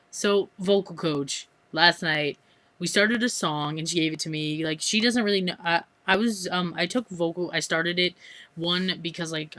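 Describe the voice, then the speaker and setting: A teenage girl vlogger with an American accent rambles chattily through a casual vlog, full of fillers and restarts. Her voice is low, yet pushed and bright.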